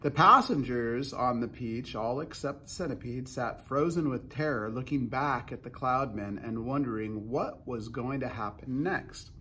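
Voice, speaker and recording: A man's voice: medium pitch, measured pace, few pauses, sharp tone, slight background noise. A man reading a children's book aloud, narrating unhurriedly with small restarts.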